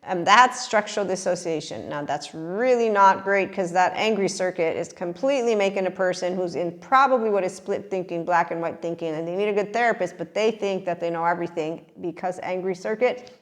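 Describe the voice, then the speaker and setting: A woman hosting a podcast, talking in a casual monologue, animated and laughing often as she talks to her listeners. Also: on the low side, brisk, hardly any pauses. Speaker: podcast host.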